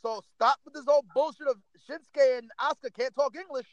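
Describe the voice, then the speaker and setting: Exasperated male co-host, very high-pitched, cursing and pleading, dry close recording. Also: a little fast, no room sound, lo-fi sound. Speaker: podcast co-host. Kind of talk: casual wrestling podcast rant.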